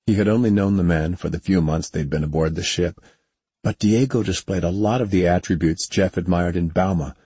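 Deep husky guy reading an audiobook, dry close sound. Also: fairly quick, dark tone, dry recording. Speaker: audiobook narrator. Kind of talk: audiobook narration.

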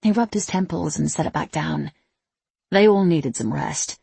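A woman narrating an audiobook in an even, steady reading voice. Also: low-pitched, normal speed, gravelly, slightly rough, no echo.

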